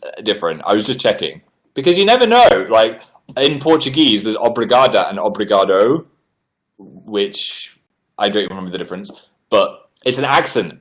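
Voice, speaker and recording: Indoors at home, a man hosts a casual livestream, reading viewer messages aloud and answering them in a chatty, animated way. He talks at normal speed, and his pitch often jumps upward on exclamations.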